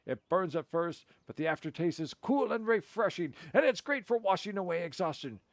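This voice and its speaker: A man's voice: sits high, lively intonation, normal speed, dry recording, voice pushed up. A man voicing a shifty tea stall vendor, reading the lines aloud with a salesman's patter. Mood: salesy.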